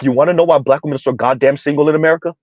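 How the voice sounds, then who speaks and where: Faint music plays behind a South Florida commentary host whose voice is fairly high and steady in tone. Reacting emphatically and sarcastically, he stretches and repeats words for effect, often with a rhetorical "huh?". The audio is dull, with no echo.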